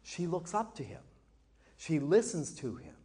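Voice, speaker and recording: A man teaching a Bible class lesson, telling the story expressively and slowing down to act out quoted lines. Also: on the high side, very animated, warm tone, slightly rough. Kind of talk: Bible class lesson with acted scripture reading.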